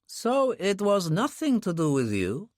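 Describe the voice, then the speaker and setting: A man's voice: high-pitched, huge pitch swings, unhurried, darkish tone, no room sound, studio quality, voice pushed up, heavily acted. A man reading an audiobook, voicing an anxious, apologetic friend in a raised, pleading tone. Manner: pleading, agitated.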